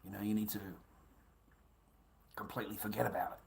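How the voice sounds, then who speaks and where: Gravelly Australian man ranting profanely. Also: lowish voice, steady tone, fairly quick, slight background noise. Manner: profane, swings between loud rants and muttered whispers. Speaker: livestreamer. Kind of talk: rambling livestream chat.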